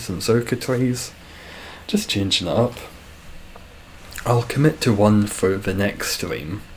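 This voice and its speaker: A man's voice: lowish voice, darkish tone, a little hiss or hum, rough recording. A young man streaming a game, chatting casually with viewers in a rambling, self-deprecating way.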